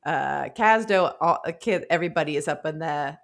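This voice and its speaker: A woman co-hosting a casual book discussion, excitable and talking with lots of "like". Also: deep voice, moderate pace, vocal fry. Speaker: podcast co-host.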